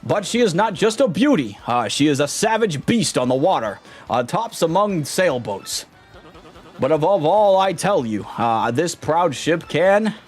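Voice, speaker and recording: A man's voice: on the high side, very animated, pitched above the performer's own voice. A man putting on a pompous rich ship owner. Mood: grandiose. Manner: grand, theatrical, drawn-out reading. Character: pompous wealthy male ship owner, boastful. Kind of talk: reading game dialogue aloud in voice.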